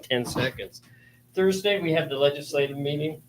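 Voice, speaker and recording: A man gives casual meeting announcements in a plainspoken, halting way. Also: on the high side, a little hiss or hum, poor audio. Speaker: committee member.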